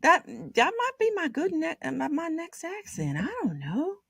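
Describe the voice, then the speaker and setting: A woman hosting a casual chat, talking playfully with a slow, drawn-out delivery. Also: sits high, huge pitch swings, creaky, a bit bright, no echo, clean studio sound. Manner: chatty, playful, drawn-out speech. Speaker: host.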